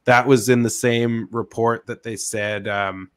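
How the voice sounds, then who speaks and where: A man co-hosting a podcast in casual chat, animated, swearing freely and laughing often. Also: mid-range voice, unhurried, clean tone. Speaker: podcast co-host.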